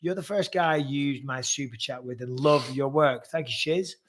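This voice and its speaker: A man's voice: mid-range voice, moderate pace. A man, hosting a casual live stream, joking, teasing and swearing freely. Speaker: podcast host.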